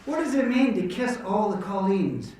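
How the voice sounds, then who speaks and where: High-voiced male entertainer in an echoey hall. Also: very animated, moderate pace, darkish tone, slight background noise. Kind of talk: joke telling and storytelling to an audience. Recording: echoey hall, distant mic, faint guitar.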